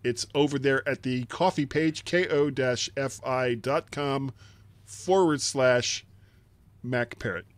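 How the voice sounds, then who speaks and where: A man's voice: mid-range voice, slow, dry recording. A man hosting a casual tech podcast, chatty and self-deprecating, laughing often. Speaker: podcast host. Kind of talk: casual chat.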